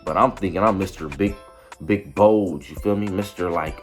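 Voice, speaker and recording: A young man tells a story in a loose, rambling way, leaning on slang and checking in with "you feel me" again and again. His voice sits on the low side, with faint music playing underneath. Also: normal speed. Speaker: vlogger. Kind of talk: casual storytelling.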